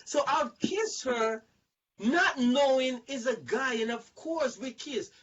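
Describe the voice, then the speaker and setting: A man hosting a casual group talk, telling stories in an animated, rambling way, repeating words and acting out other people's lines. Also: very high voice, takes it slowly, far from the mic, muffled recording. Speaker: show host. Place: online video chat.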